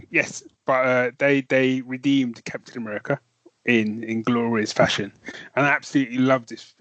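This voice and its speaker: A man's voice: mid-range voice, fairly bright tone, no room sound, highs cut off. A man with a North London accent co-hosting a podcast, chatting casually and enthusiastically, with many fillers and restarts. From North London, England. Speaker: podcast co-host. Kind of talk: casual chat.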